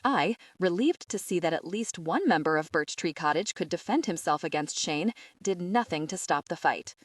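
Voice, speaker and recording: A woman reads a first-person novel aloud with an expressive storyteller's delivery. Her voice sits low but moves through a wide, lively range of pitch. The recording is close and dry, with no room sound. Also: normal speed, no room sound. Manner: expressive storytelling, voicing the characters' lines. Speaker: audiobook narrator. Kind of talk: first-person audiobook narration.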